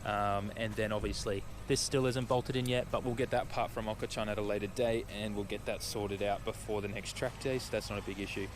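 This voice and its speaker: A man's voice: on the low side, fairly even intonation, brisk, hardly any pauses. A man streaming to his viewers in a casual, rambling, upbeat way with many fillers, talking outdoors beside his parked car. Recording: outdoor noise behind the voice.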